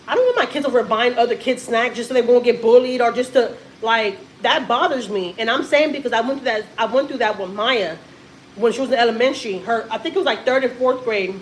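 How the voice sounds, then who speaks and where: A woman's voice: fairly high pitch, brisk, a little hiss or hum, poor audio. Rambling, emphatic woman vlogger. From Texas. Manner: rambling and emphatic, swears casually. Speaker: family vlogger and mother. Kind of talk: casual live-stream storytelling.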